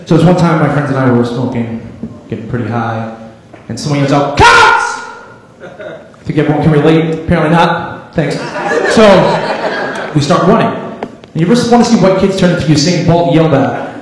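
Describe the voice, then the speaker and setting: A young man doing stand-up comedy on a club stage, telling stories in a deadpan way and acting out his family and the police. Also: a little high, fairly quick, very noisy. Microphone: handheld stage mic. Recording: live club recording, roomy echo, crowd laughter. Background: audience laughter.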